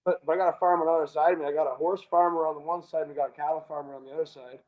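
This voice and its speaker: Laid-back Canadian man, slightly high voice. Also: flat delivery, racing. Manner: laid-back, swears freely, stammers on restarts. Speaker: guest artist. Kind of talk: casual video call interview. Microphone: video call. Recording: muffled lo-fi call audio.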